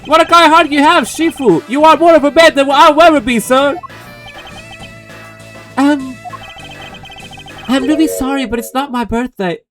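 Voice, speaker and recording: A man's voice: extremely high pitch, a little slow, pauses often, fairly bright tone, faint music behind, pitched above the performer's own voice. A man doing an eager young police underling. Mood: earnest. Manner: eager, earnest, overexcited.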